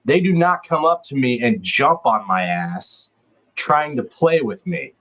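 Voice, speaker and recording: A man's voice: mid-range voice, expressive, unhurried, a bit bright, rough recording. Chill guy on a live stream, reading chat comments, strong opinions. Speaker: host.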